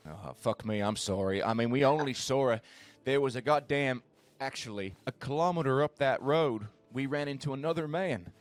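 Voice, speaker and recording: A man's voice: medium pitch, normal speed, faint music behind, lightly acted. Guy as a jittery cowboy who rambles on n swears, self-deprecating, western rp. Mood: chatty. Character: nervous rambling frontier man. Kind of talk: western roleplay.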